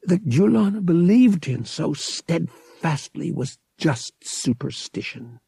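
A man reading an audiobook in steady, measured narration. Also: fairly high pitch, gravelly, husky, no room sound.

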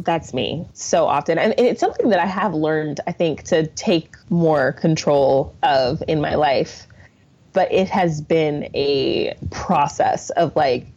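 Husky, low-voiced woman guest. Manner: animated storyteller, acts out quotes. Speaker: podcast guest. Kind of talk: casual chat. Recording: dull lo-fi recording.

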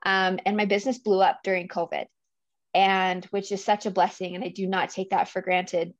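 An earnest woman talks openly as an interview guest, laughing easily and getting emotional. Her voice sits at a middle pitch. The recording is dry and a little dull, with no room sound. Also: flat delivery, moderate pace, no echo. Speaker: guest, business coach for mothers. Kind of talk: casual interview conversation.

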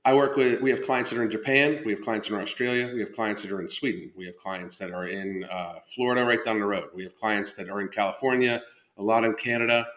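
A man's voice: on the low side, steady tone, fast, a bit bright. A man hosting a casual live stream about his coaching, loose and profane, breaking off and restarting his sentences. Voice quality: loose, profane, self-interrupting talk. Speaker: podcast host and fitness coach. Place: indoor room at home. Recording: roomy echo.

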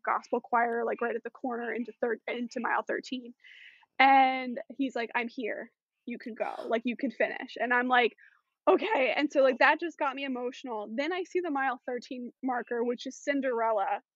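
A woman's voice: a little high, fairly even intonation, brisk, a bit bright, no echo, lo-fi sound. A woman talking as a podcast guest in casual chat, chatty with many fillers.

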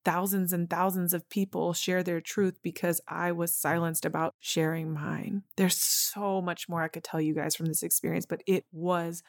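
A woman's voice: fairly low pitch, flat delivery, moderate pace, few pauses, no room sound, clean studio sound. Earnest woman telling a personal story. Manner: emotional, earnest, addresses listeners as y'all. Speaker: podcast host.

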